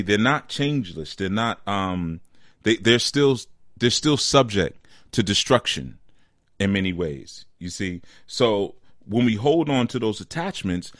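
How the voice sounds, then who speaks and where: A man giving an informal spiritual teaching, conversational and deliberate, often checking in with "you see?" and slowing down to stress key words. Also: lowish voice, fairly bright tone, no echo, studio quality.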